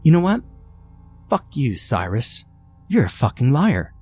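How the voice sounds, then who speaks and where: A man's voice: medium pitch, sing-song, takes it slowly, darkish tone, faint music behind, voice pushed up. A man voicing a furious young woman, a nurse and wife, who snaps, swears and accuses.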